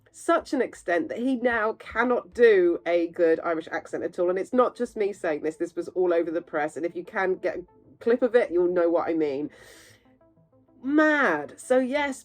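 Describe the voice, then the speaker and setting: A woman's voice: medium pitch, low-quality recording. A woman hosting a casual film news roundup, chatty and opinionated, with plenty of asides to her viewers. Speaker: movie news host.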